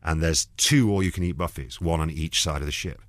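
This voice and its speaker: A man's voice: rumbling low, fairly quick, no echo, studio quality. A man, a comedian guest, telling rambling stories in an interview and acting out the quoted lines. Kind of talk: anecdotal interview chat.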